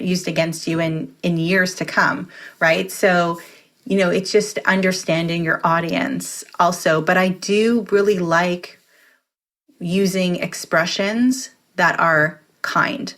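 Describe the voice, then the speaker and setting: A woman's voice: lowish voice, fairly even intonation, unhurried, fairly bright tone. A woman guest on a podcast, talking in an earnest, reflective way and explaining her thoughts at length. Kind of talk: conversational interview.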